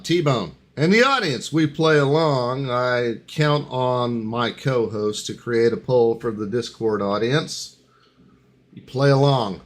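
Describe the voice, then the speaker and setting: A man hosting a live game segment, with a lively pitch that swings widely as he reads headlines. He talks slowly and playfully, like an announcer. He trips over words now and then. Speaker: game host on a live talk show. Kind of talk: casual live show chat.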